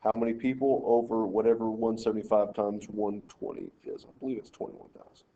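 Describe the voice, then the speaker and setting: A man in a recorded math lesson works each problem aloud step by step and tells his students how to set out their work. His voice is mellow and dark-toned. The audio is dull and lo-fi, like a screencast mic. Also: on the low side, steady tone, a little fast, a little hiss or hum. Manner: talks through problems step by step, directing students. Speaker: math teacher.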